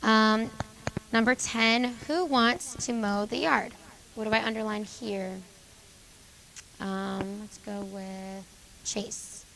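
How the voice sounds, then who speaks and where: Brisk woman teaching a class, gravelly. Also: medium pitch, fairly even intonation, fairly bright tone, a little hiss or hum, rough recording. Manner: brisk, calls on students by name and confirms answers. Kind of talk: classroom grammar lesson. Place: school classroom.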